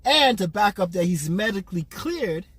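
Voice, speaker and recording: A man talking casually as a boxing vlogger, ranting in an animated way, repeating himself and firing off rhetorical questions. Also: high voice, moderate pace, slightly rough, no echo. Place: in a car while parking.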